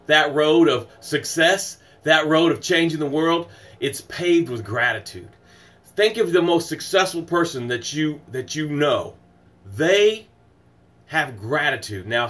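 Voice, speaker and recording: A man hosting a morning motivational livestream, emphatic and repetitive, greeting viewers by name and guiding breathing exercises. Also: on the high side. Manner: swings from loud exclamations to soft breathing guidance. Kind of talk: motivational live stream talk.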